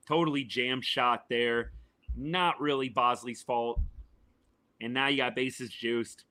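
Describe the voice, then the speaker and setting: A man, his voice worn and going hoarse, chatting casually as a podcast host reacting live to a baseball game and answering viewers. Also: mid-range voice, sharp tone. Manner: chatty, answers chat viewers by name, says y'all. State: voice worn and failing, a little quieter than usual.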